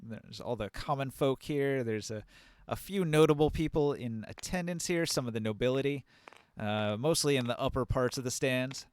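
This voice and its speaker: A man's voice: medium pitch, normal speed, smooth, dry recording. A man narrating as game master for a live-streamed tabletop game, setting scenes loosely with fillers. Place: home setup on a live stream. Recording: noticeable background noise.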